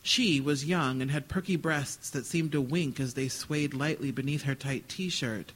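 A man's voice: medium pitch, unhurried, fairly bright tone, slightly rough, rough recording. A man giving a live reading of his literary fiction, with a dry, wry storytelling manner. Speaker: author reading.

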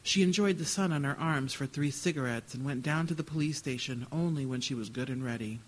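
A man's voice: medium pitch, a little fast, low-quality recording. A man giving a live reading of his literary fiction, with a dry, wry storytelling manner. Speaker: author reading.

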